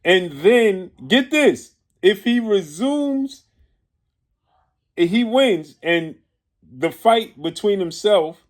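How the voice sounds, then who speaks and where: A man giving opinion commentary on boxing, indignant and firing off rhetorical questions, sometimes stopping to correct himself or search for a word. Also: a little high. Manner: pauses to correct himself and grope for words.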